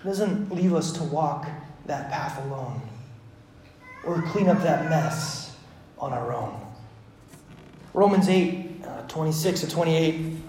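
A man in his thirties preaching a sermon as pastor, moving between hushed reflection and animated storytelling. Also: fairly high pitch, reverberant, slight background noise.

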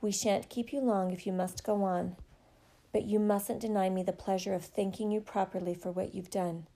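A woman's voice: medium pitch, fairly even intonation, moderate pace, warm tone, natural voice. Woman reading a courteous, grateful father. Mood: earnest. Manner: earnest and polite. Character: kind, courteous grown man, a grateful father.

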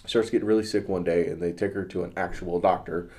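A man with a fairly low, warm and mellow voice chats casually on a podcast. He tells a story earnestly, stumbling and restarting his phrases as his thoughts run ahead. He speaks about faith with sincere feeling. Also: steady tone, fast. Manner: religious. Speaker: podcast host. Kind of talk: casual chat.

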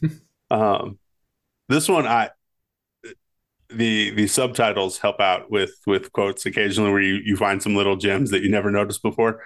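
Podcast co-host: man, lowish voice, rambling and easygoing, laughs while recounting scenes. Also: fairly even intonation, moderate pace, pauses often, fairly bright tone. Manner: rambling, laughs through retellings. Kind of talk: casual chat recalling movie scenes.

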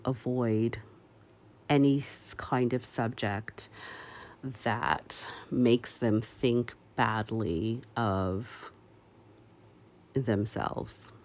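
A man giving earnest opinion commentary, speaking slowly with many pauses and fillers, and stressing key words firmly. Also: mid-range voice, a little mellow. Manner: firm and emphatic on key words.

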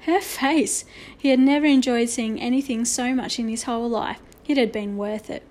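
Higher-voiced woman reading a storybook aloud. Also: steady tone, moderate pace, darkish tone. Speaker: narrator.

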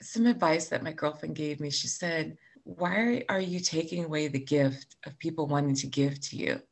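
A woman in her forties recounts a hard stretch of her life in relaxed conversation. Her voice sits a little low, and she speaks openly, letting small laughs break through the sad parts. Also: normal speed, creaky. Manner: candid and emotional, laughs through hard moments. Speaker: cancer patient sharing her story. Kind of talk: personal storytelling in conversation.

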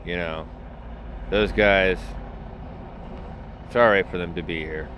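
Low-voiced man rambling in a casual vlog. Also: animated, a little slow, pauses often, a little hiss or hum. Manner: joking, rambling, self-mocking. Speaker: vlogger.

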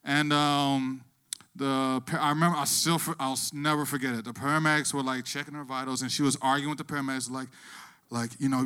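A man telling a true story casually on stage, profane and animated, acting out the voices of the people involved. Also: mid-range voice, a little fast, smooth.

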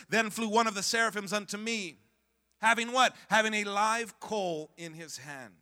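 A high-voiced man preaches from the pulpit in a piercing, ringing tone. He calls out to the congregation for answers and keeps swinging between hushed stretches and loud peaks. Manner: stumbles and repeats words when worked up. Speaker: pastor. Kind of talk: sermon.

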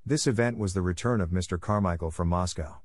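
A man reading a classic storybook aloud in a calm, measured manner. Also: sits low, no echo, clean studio sound. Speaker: narrator. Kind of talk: storybook narration.

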